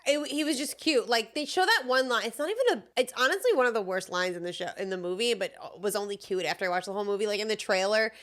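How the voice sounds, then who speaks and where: A woman's voice: mid-range voice, animated, quick pace, hardly any pauses, fairly bright tone. A woman co-hosting a podcast, chatting casually about a movie, often restarting and agreeing. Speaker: podcast co-host. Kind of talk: casual movie review chat.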